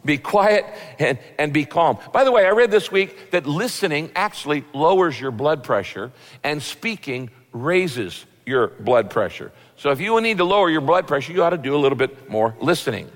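A man's voice: a little high, animated, moderate pace. Folksy preaching man in a reverberant hall. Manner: conversational, folksy, acts out quoted people. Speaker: pastor. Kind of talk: sermon. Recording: long reverb of a large hall.

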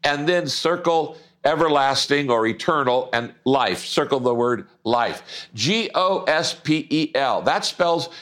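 A male pastor delivering a sermon in a church, his pitch rising and falling in a lively way. He slows down to stress key words and lets his voice drop low at the ends of phrases.

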